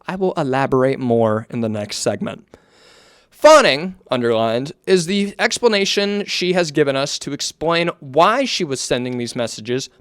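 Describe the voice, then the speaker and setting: A man giving casual commentary, reading aloud from his notes in a measured way, with offhand asides and some swearing. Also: on the high side, no echo, studio quality. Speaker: online commentator.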